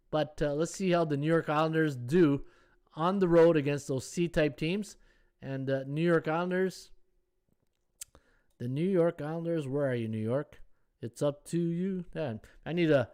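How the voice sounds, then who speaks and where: A man's voice: fairly high pitch, clean tone. Chatty man talking through betting odds. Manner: chatty, thinks aloud, reads viewer comments. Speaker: sports betting podcast host. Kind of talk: casual live-stream analysis.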